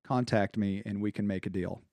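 A man's voice: on the low side, steady tone, a little fast, creaky, darkish tone, no room sound. A man talking as a guest on a podcast, earnest and rambling with many restarts. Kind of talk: casual podcast chat.

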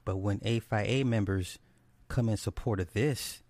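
Male commentator, lowish voice, dry close sound, emphatic and scornful rant with lots of repetition. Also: normal speed, darkish tone, no room sound. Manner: emphatic, repeats points for stress; blunt and scornful, swears freely. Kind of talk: ranting monologue commentary.

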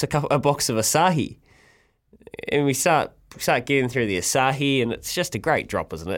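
A man with a New Zealand accent hosting a radio show, telling stories in a casual, animated way and acting out quotes. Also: mid-range voice. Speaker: radio host. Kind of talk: casual chat.

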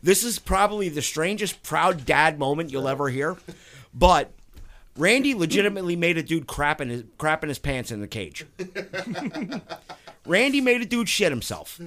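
A man hosting a casual group chat, telling stories in an animated way and laughing often. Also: fairly high pitch, normal speed. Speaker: podcast host, haunted house owner.

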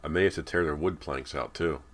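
A very low-voiced man reading as a practical, bossy teenage girl. Her lines come out brisk and matter-of-fact, giving orders, and they sit only a little above the narrator's own deep voice. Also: fairly bright tone.

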